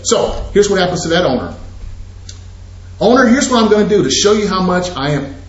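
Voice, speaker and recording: Animated man lecturing in an echoey room. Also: fairly high pitch, highs cut off. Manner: animated, preachy, addresses audience directly. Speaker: real estate investing instructor. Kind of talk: energetic seminar talk.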